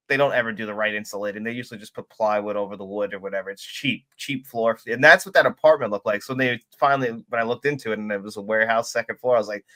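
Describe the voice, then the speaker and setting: A man co-hosting a casual film podcast, easygoing and quick to laugh as he shares observations. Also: mid-range voice, bright, forceful tone. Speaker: podcast co-host.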